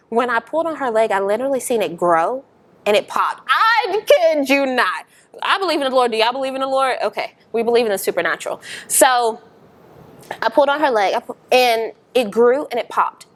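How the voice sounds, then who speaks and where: A young woman, a podcast guest, telling her story in a casual interview, animated and emphatic, laughing often. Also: fairly high pitch, moderate pace.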